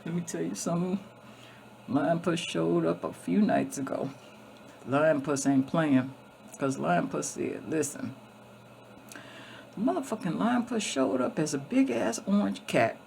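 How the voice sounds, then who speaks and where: A woman's voice: on the low side, lively intonation, measured pace, vocal fry, darkish tone, a little hiss or hum. A woman vlogger telling a story in a blunt, emphatic, heavily profane way, often restarting and repeating herself. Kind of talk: casual storytelling.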